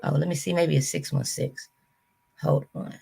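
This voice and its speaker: A woman's voice: sits low, fairly even intonation, moderate pace, vocal fry, warm tone, breathy edge, faint music behind. A woman YouTube host with a Southern US accent, ranting bluntly and profanely to her viewers. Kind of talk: casual reaction rant to camera.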